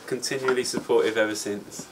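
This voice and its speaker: A British man co-hosting a casual gaming podcast, with a dry, deadpan humour. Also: mid-range voice, fairly quick, slight background noise, rough recording. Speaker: podcast co-host.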